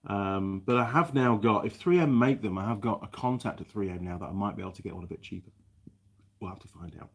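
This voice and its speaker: Talking fast in a husky voice on the low side, a man hosts a casual workshop live stream. The mechanic rambles through viewer comments with plenty of restarts.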